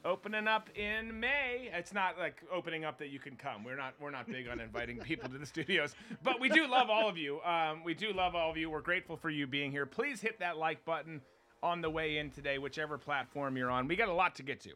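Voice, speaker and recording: A man's voice: fairly high pitch, brisk, sharp tone. A man hosting a casual political talk show, blunt and swearing, often laughing mid-sentence. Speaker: host.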